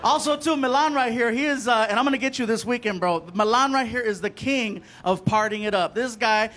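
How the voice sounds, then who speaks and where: A man doing an animated stand-up set, telling stories and acting out the people in them. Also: very high voice, brisk. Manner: animated, acts out characters in quotes. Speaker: stand-up comedian. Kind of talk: stand-up storytelling. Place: comedy stage before a live audience.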